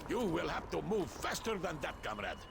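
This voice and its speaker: A man's voice: a little high, very animated, normal speed, gravelly. An actor playing a stern male Soviet drill instructor who barks orders at recruits in a war game. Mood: commanding. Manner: barking orders. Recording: noisy game audio.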